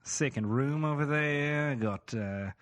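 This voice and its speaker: Guy doing a loud fake aussie bloke, bossy and show-offy, voice pushed up high. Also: slow pace. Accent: mock Australian. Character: swaggering fake-Australian man, brash and bossy.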